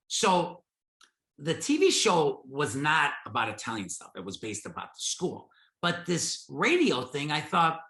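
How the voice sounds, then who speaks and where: A man's voice: on the high side, vocal fry. A middle-aged man tells stories from his life in an oral history interview, acting out the dialogue. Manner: animated, acts out his own dialogue. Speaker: interviewee, podcast host. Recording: roomy echo.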